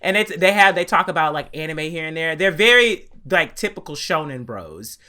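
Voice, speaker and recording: A man's voice: on the high side, big pitch swings, moderate pace, pushed and bright. A man co-hosting a podcast, chatting casually and animatedly, laughing and swearing freely. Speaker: podcast co-host. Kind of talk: casual chat.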